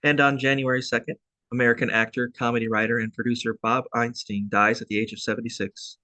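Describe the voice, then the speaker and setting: A man's voice: medium pitch, flat delivery, fast, bright, forceful tone, dry recording. A man hosting a casual podcast chat, laughing easily and rambling through restarts. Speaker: podcast host.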